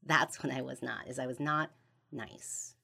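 A woman's voice: very deep voice, steady tone, a little fast, creaky, sharp tone, husky. A woman hosting a podcast, telling a personal story in a blunt, casual way, full of swearing and fillers. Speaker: podcast host.

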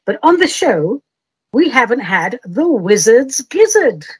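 A woman's voice: a little high, sing-song, slow pace, breathy edge, dry recording, rough recording. A woman hosting her own podcast, talking in a whimsical, self-mocking way and reading silly rhyming verse. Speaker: podcast host. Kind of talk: playful podcast monologue and comic verse reading.

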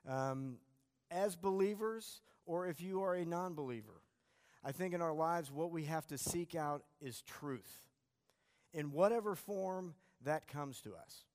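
A man's voice: fairly high pitch, expressive, a little slow, darkish tone. Storytelling male class teacher, reverberant hall. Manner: anecdotal, self-deprecating storytelling. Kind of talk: church class talk.

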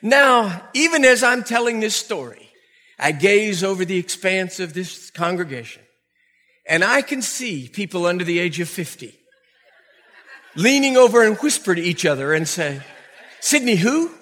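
High-voiced older pastor in a reverberant church. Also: male voice, moderate pace. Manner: animated, humorous storyteller who laughs often. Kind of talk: storytelling sermon. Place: church before a congregation. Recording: long reverb from a large church hall.

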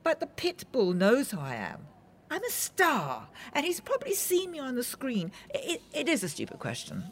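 An actress playing a vain older film star, dramatic and gushing, swinging between sharp and tender. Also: female voice, high voice, wildly swooping pitch, normal speed, slight background noise, full character voice.

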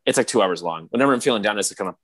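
Casting: lower-pitched man, casual podcast co-host, rambly and excitable. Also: racing. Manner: rambling, filler-heavy, excitable retelling. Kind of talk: casual chat.

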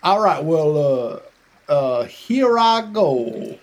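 A man's voice: fairly high pitch, sing-song, extremely slow. A man playing in a tabletop game, talking hesitantly with many fillers. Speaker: player. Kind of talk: tabletop role-play chat.

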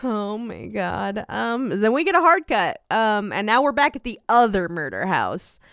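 A woman's voice: medium pitch, very animated, unhurried, a bit bright, dry recording, clean studio sound. A woman co-hosting a podcast, recapping a show in casual chat with lots of "um" and "like" fillers, acting out quotes. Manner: chatty, many "um" and "like" fillers, acts out quotes. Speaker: podcast co-host.

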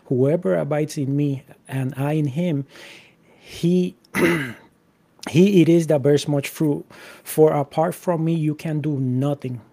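A man's voice: fairly high pitch, fairly even intonation, takes it slowly, gravelly, mellow. A man in casual Christian discussion, reading Bible verses aloud and talking conversationally with lots of "you know" and restarts.

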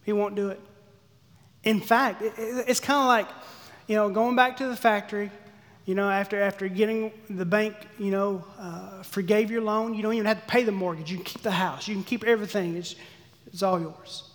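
A man giving a sermon, acting out the characters' pleas with lively energy. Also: sits high, moderate pace. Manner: animated, acts out the servant's pleas. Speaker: pastor. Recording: long hall reverb.

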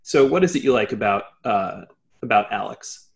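A man as game master, narrating a tabletop game in a relaxed, conversational way. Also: fairly low pitch, normal speed, vocal fry.

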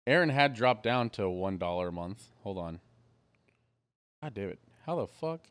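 A man's voice: fairly low pitch, sing-song, normal speed, fairly bright tone. A man co-hosting a casual food podcast, offhand and mumbling, with the odd swear. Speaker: podcast co-host. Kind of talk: casual chat.

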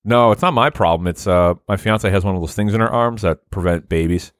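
A man's voice: low-pitched, brisk, clean tone, no echo, clean studio sound. A man hosting a comedy podcast, tossing out goofy, absurd jokes. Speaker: podcast host. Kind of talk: casual comedy podcast banter.

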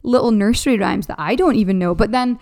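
A woman's voice: medium pitch, fast, darkish tone, no room sound, clean studio sound. A woman with a Scottish accent, in her thirties, chatting casually as a podcast guest, self-deprecating and full of fillers. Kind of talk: casual conversation.

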